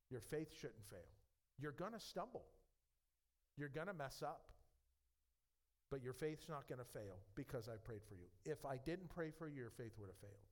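A man's voice: mid-range voice, lively intonation, moderate pace. A man preaching a sermon as pastor, earnest and conversational, with frequent fillers and restarts.

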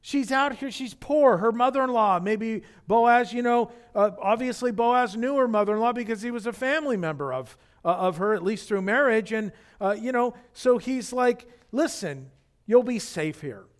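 A man's voice: very high-pitched, moderate pace, hardly any pauses, clean tone. A man, the senior pastor, preaching a conversational sermon full of fillers and restarts.

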